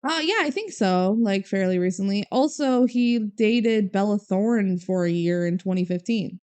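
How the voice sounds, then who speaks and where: A woman's voice: medium pitch, moderate pace, a little mellow, smooth. A young woman from Minnesota co-hosting a podcast, chatting casually with frequent laughs and fillers. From Minnesota, USA. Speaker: podcast co-host. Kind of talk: casual chat.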